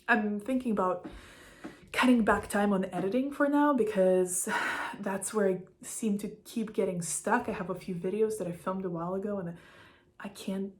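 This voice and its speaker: A woman's voice: medium pitch, moderate pace. A young woman speaking an unscripted, heartfelt spiritual monologue to her viewers, rambling and full of "like" fillers. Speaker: spiritual vlogger.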